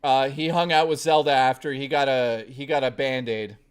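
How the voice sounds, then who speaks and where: A man's voice: medium pitch, steady tone, normal speed, clean tone. A man livestreaming, chatting casually to his viewers in a rambling, profane, joking way, full of restarts. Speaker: livestreamer talking to chat.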